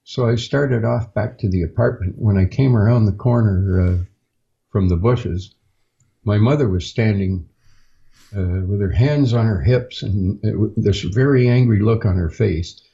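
A man, a podcast guest, recounting a personal experience in a halting, unhurried way with frequent pauses, on a dull lo-fi recording. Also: lowish voice, creaky, warm tone. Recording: dull lo-fi sound.

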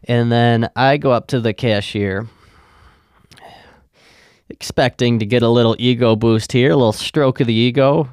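Young podcast guy rambling and swearing, smooth clear voice, dry close mic. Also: medium pitch, normal speed, pauses often, no echo. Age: young adult. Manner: profane, rambling, deadpan. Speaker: podcast host. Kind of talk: casual storytelling.

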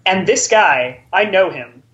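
A man's voice: high-pitched, expressive, unhurried, a bit bright, muffled recording. A man casually telling a long story among friends, rambling and filling his talk with likes. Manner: rambling, filler-heavy with many likes. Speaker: podcast co-host telling a story.

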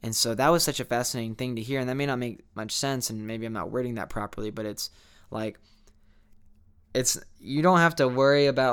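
Young male vlogger, smooth clear voice, medium pitch, rambling candid self-reflection with lots of restarts. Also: brisk, fairly bright tone. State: sleepy, yawning.

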